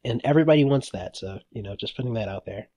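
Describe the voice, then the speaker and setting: Excitable rambling man. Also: mid-range voice, fast talker, no room sound, dull audio. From United States. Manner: excitable and rambling, laughs often. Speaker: podcast co-host. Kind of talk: casual chat.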